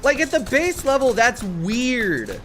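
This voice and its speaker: A male streamer in a live gaming session who rants at his chat, swearing freely and sounding exasperated. His pitch jumps around a lot, and faint game music plays under his voice. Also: very animated, measured pace, a bit bright. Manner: profane, ranting, exasperated at chat.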